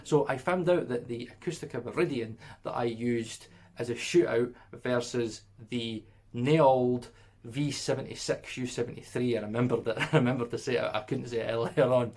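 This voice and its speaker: A man talking casually through a plugin review, his voice sitting at an ordinary middle pitch. He rambles off into side comments, keeps checking in with "right?", and laughs as he goes. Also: normal speed, darkish tone. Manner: chatty, rambling asides, frequent "right?" and "like"; laughs mid-sentence. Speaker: audio plugin reviewer, channel host.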